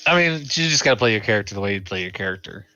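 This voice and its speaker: A man's voice: on the low side, lively intonation, racing, pushed and bright, no room sound, dull audio, faint music behind. A man with a Southern American accent, a player chatting in a laid-back, rambling way. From Southern United States. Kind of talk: casual chat between game sessions.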